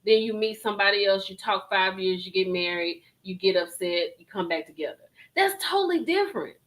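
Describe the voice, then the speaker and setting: A woman hosting a reaction video, giving animated commentary on a reality show, laughing and talking straight to her viewers. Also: mid-range voice, fairly quick, rough recording.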